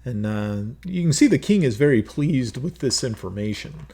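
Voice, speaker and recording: A man narrating a tabletop game as game master, halting with many fillers. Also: mid-range voice, animated, a little mellow.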